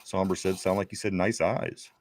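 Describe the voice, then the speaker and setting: A man's voice: deep voice, flat delivery, moderate pace. A man hosting a casual sports talk show, reading viewer comments aloud in a chatty way with frequent restarts. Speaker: podcast host.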